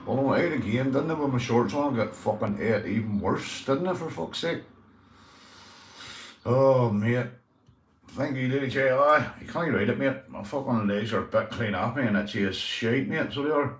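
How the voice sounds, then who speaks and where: A man's voice: medium pitch, moderate pace, roomy sound. A young man with a Northern Irish accent, hosting a casual livestream, greeting viewers and swearing freely, calling everyone mate. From Northern Ireland. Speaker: livestream host.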